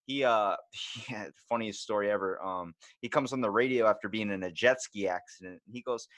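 A man hosting a podcast, telling stories in an animated, rambling way, full of "like". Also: fairly low pitch, brisk, no room sound. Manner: rambling, animated storyteller, many "like"s. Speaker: podcast host. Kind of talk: casual podcast chat.

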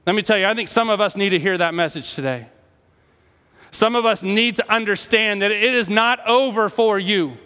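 A high, bright male voice preaching passionately in a sermon, moving between hushed, low passages and raised, emphatic ones. He sounds like he is in a church sanctuary, with a long reverb of a large hall behind him. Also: clear, resonant tone. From United States. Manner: impassioned preaching, dropping to hushed tones and rising in quoted lines. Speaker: pastor.

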